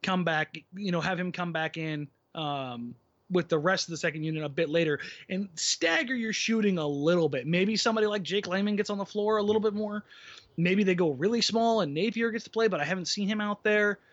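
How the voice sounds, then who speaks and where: A man's voice: high voice, a little fast, a bit bright. Man rambling on a muffled podcast. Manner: rambling, restarts a lot, opinionated. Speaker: podcast co-host. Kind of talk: casual basketball podcast chat.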